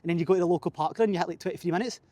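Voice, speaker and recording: Young male coach, winded, casual and profane, quick high voice. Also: mellow, dry recording. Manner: sweary, chatty, says man and mate a lot. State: out of breath after running. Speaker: fitness coach. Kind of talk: casual vlog chat. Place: outdoor running track, cold.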